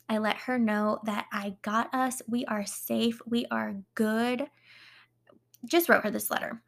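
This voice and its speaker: Brief: young female vlogger, encouraging and chatty, slightly high, gravelly. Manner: chatty and encouraging, with fillers and laughs. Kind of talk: casual self-help chat.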